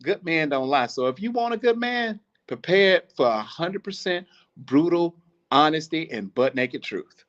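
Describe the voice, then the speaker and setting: A man hosting a podcast, talking in a casual, animated monologue, swearing, preaching and laughing often. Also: a little high, measured pace, highs cut off. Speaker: podcast host.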